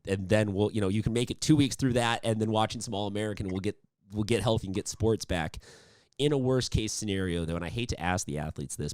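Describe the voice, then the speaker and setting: A man's voice: on the low side, darkish tone, no room sound, clean studio sound. A man hosting a sports interview, upbeat and chatty, rambling with restarts. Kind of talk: casual interview.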